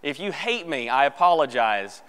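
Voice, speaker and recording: A man leads a church Bible class in a smooth, fairly high voice. He reads scripture aloud and jokes casually with the class. His voice carries a long reverb from a church hall. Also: very animated, moderate pace, fairly bright tone. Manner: casual, joking, asks the class questions.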